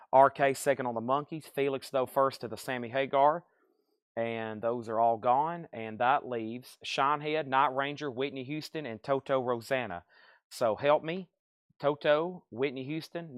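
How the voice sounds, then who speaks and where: Running a live record sale stream, a man rattles off titles, buyers, and prices in brisk, upbeat patter. He has a regional accent he mentions himself, and his medium-pitched, fairly bright voice is clean on a dry recording.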